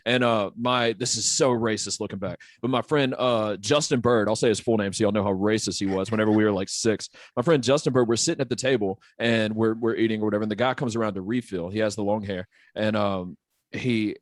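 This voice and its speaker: A man's voice: fairly low pitch, no room sound, clean studio sound. A man co-hosting a casual podcast chat, telling crude stories with plenty of swearing. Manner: crude, fast storytelling. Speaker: podcast co-host.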